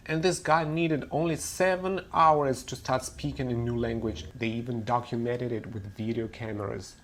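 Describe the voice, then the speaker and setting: This man's medium-pitched voice is steady and fairly bright, moving at a normal speed. He is giving a webinar on English pronunciation, walking through his principles step by step in a methodical, explanatory way.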